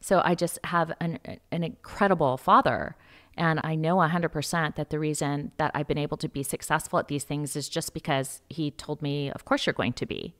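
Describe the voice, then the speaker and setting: A woman's voice: low voice, steady tone, moderate pace. A woman guest on a talk show, an investigative journalist telling stories in an earnest, emphatic way. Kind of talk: casual interview chat.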